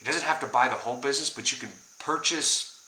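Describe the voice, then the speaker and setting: Punchy, forceful-voiced man in an echoey room. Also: mid-range voice, fast. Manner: energetic, rambling, coaching tone with many fillers. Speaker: personal finance vlogger. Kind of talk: casual direct-to-camera talk.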